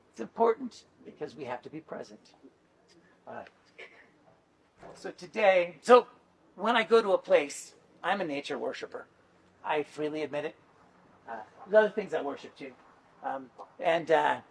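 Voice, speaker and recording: Here a middle-aged man gives a conference talk, his high-pitched voice slightly rough. He teaches and speaks at conferences, and he tells animated, chatty stories packed with fillers.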